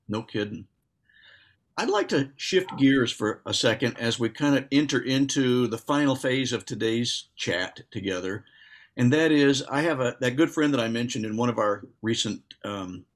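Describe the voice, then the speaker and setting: A man co-hosting a casual faith discussion, speaking earnestly and agreeably, explaining his views at length. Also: mid-range voice. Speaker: co-host.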